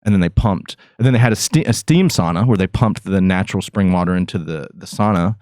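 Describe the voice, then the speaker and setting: A man with a very low voice chats on his podcast in a loose, goofy way, laughing through rambling stories. He sounds high and relaxed. The sound is close and dry, with no room around it. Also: a little fast, dry recording. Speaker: podcast host. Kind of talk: casual chat.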